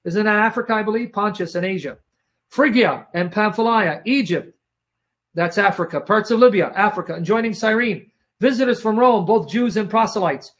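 A man's voice: sits high, normal speed, a bit bright. A man teaching the Bible in a sermon style, emphatic and repetitive, often telling listeners to watch and asking if they follow, his throat strained by coughing.

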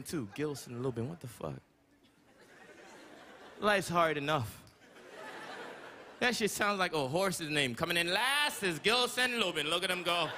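A high-voiced man from Canada works a big comedy stage with a loud, profane, punchy delivery. A roaring live crowd and steady room noise sit under his voice. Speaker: stand-up comedian. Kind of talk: stand-up comedy set.

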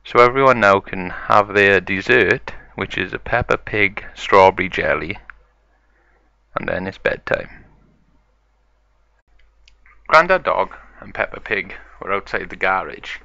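A man narrating a story acted out with toys, in a slow, gravelly way. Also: sits low, lively intonation, pushed and bright, no room sound. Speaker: toy video narrator. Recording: dull lo-fi sound.

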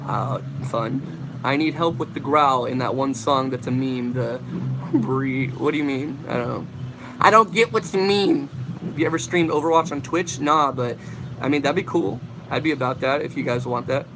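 A man's voice: medium pitch, fairly even intonation, moderate pace, background noise. A young man casually hosting a livestream, rambling as he answers chat questions about vocals. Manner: casual, rambling, demonstrates screams.

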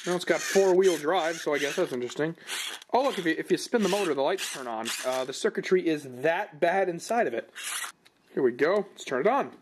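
A man with a slightly high voice and lively intonation speaks briskly while reviewing cheap gadgets and snacks at home. His rambling commentary is dry and self-mocking, picked up on a noisy camera microphone.

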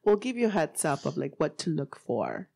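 Woman, from Miami, podcast co-host, casual chat, chatty, lowish voice. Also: huge pitch swings, moderate pace, creaky, a little mellow, dry recording. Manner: chatty, loose, laughs often.

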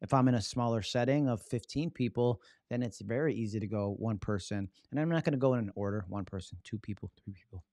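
A man giving a casual live-streamed talk on public speaking, lively and acting out his examples. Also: fairly low pitch, fast talker, few pauses, no room sound, studio quality. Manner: animated, acts out examples with his body; casual, loose phrasing with "right?" tags.

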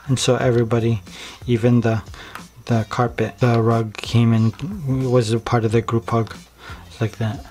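A man's voice: mid-range voice, a little mellow. A man vlogger telling a story in casual, comic, slangy rambling. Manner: slangy, rambling, full of likes.

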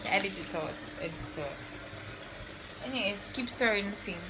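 A woman's voice: mid-range voice, expressive, a little fast, noisy background. A woman with a Jamaican accent mixed with British, chatting playfully and giving cooking instructions at home. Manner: playful, laughing, bossy with instructions. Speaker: vlogger host. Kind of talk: casual cooking vlog chat. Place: home kitchen.

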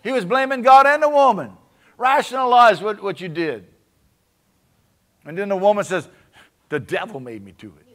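A man's voice: sits high, animated, moderate pace, long pauses, a bit bright. A man with a Cajun accent preaching a sermon in a conversational way, often asking his congregation for an amen. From Louisiana. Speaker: pastor.

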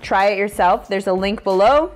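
A woman's voice: mid-range voice, moderate pace, faint music behind. A woman in her thirties, a mother and vlogger, chatting enthusiastically in a casual home product review, laughing often.

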